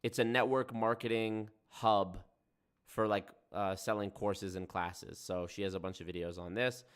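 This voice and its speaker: A man's voice: fairly low pitch, fairly even intonation, moderate pace, clear, resonant tone. A young man hosting a livestream, talking in a sarcastic, profane, rambling way. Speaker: livestream host. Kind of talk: casual stream commentary.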